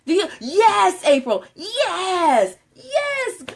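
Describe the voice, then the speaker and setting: This is a woman hosting a casual live stream. Her voice sits high and bounces with animation. She chats with viewers, laughs easily and keeps an informal, talkative flow. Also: big pitch swings, very slow, slight background noise. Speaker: Facebook Live host.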